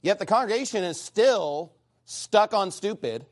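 Guy preaching, high voice that jumps all over, blunt and worked up. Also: a little slow. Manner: animated and blunt, quoting scripture and acting out God's voice. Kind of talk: sermon.

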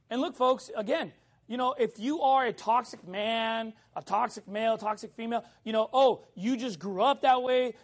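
A man in middle age preaches in an extremely high voice, recounting a personal story in a relaxed, animated way. He keeps engaging his listeners as he goes.

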